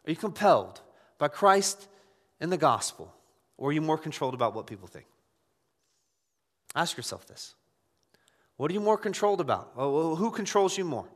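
A man preaching a sermon as pastor, conversational and animated, firing off rhetorical questions. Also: a little high, in a large hall.

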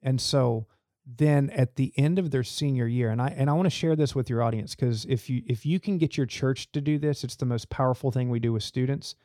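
A man's voice: medium pitch, fairly quick, dark tone, no room sound, studio quality. A man talking earnestly as a church youth leader in an interview, telling stories to make his points. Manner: earnest, storytelling. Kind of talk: podcast interview.

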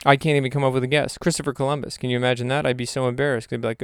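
A man's voice: mid-range voice, level tone, very fast, smooth, no room sound, studio quality. A young man rambling through a reflective vlog monologue, questioning himself aloud with jokey asides. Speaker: vlogger.

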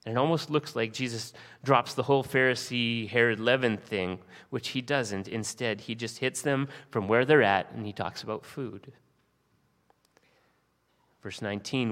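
A man's voice: medium pitch, moderate pace, a bit bright. A male pastor preaching a sermon, reading scripture aloud and posing earnest rhetorical questions to the congregation. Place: church sanctuary. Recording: long reverb of a church hall.

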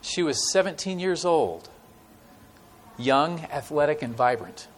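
A man's voice: a little high, lively intonation, a little hiss or hum. A conversational male preacher. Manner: conversational, many fillers, dramatic pauses. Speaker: guest preacher. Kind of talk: sermon with stories. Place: church.

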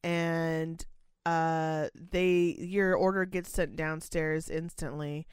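A woman's voice: low-pitched, level tone, slow, clear, resonant tone, dry recording. A young woman who works in a care home, chatting casually in a blunt, sarcastic way and swearing freely. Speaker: care home worker, podcast co-host. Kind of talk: casual chat.

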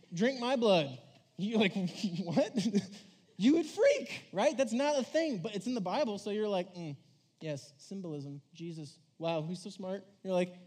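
A man preaching a casual sermon to a church audience, conversational and animated, acting out voices and saying "like" a lot. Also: sits high. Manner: animated, conversational, acts out voices, says "like" often.

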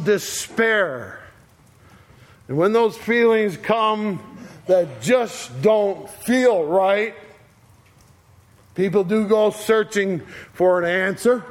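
A man preaching a sermon, slow and deliberate, with long pauses between short phrases. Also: sits high.

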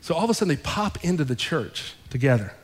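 A male pastor telling a story in a sermon, acting out both sides of the conversations with lively shifts in his voice. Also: a little high, fast talker. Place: church sanctuary. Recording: long hall reverb.

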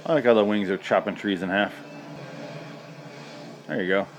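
A man's voice: on the low side, normal speed, faint music behind. A man casually reviewing a movie, rambling and sarcastic, with a lot of swearing.

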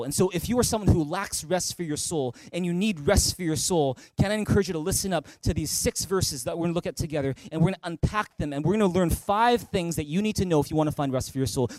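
A male pastor delivers a sermon from a church stage in a fairly high voice. His sound is dry and close, with little room around it. He builds to emphatic peaks and keeps putting questions straight to the listeners. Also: darkish tone, dry recording. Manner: direct, asks the listeners questions.

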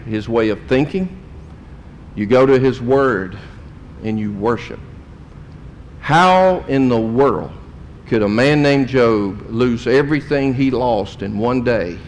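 A man preaching a sermon, in folksy storytelling that swings between loud and quiet. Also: slow pace. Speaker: pastor. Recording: long hall reverb, faint rumble.

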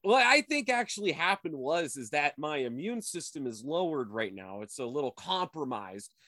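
A man's voice: on the high side, sing-song, normal speed, pushed and bright, no echo, clean studio sound. A young adult man co-hosting a podcast, joking crudely in a laid-back way while stoned and getting over a sinus infection. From Reno, Nevada, USA. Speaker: podcast co-host. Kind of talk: casual comedic podcast banter.

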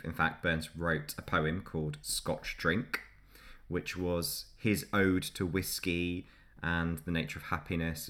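A man with a very low, deep voice talks through history in a relaxed podcast chat. He laughs easily and keeps the tone loose and conversational between facts. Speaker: podcast host.

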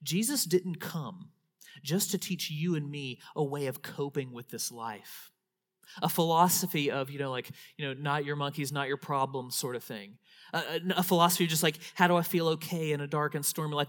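A man preaching a sermon as pastor, swinging from loud, emphatic declarations to hushed, whispered passages, often repeating words as he restarts. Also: on the high side, normal speed.

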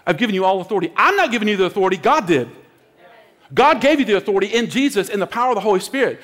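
A man preaching a sermon, telling a story with animated delivery and acting out the voices in it. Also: high-pitched, very fast. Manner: animated, acts out voices in his stories. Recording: long hall reverb.

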